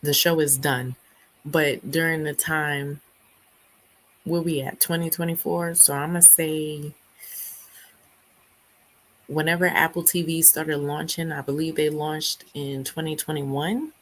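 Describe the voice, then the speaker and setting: A woman's voice: low-pitched, steady tone, slow pace, pauses often, rough recording. A young woman hosting a book club livestream, chatting casually and reading viewer comments, her voice still not fully back after laryngitis. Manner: chatty, laughs often, acts out quotes.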